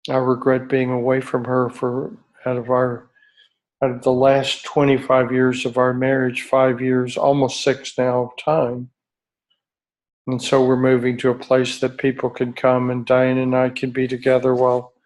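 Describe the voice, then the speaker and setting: A middle-aged man leading a retreat group, speaking slowly and earnestly in a reflective talk with searching pauses and restarts. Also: medium pitch, completely flat delivery, darkish tone, rough recording. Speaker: retreat leader. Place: outdoor retreat by a beach.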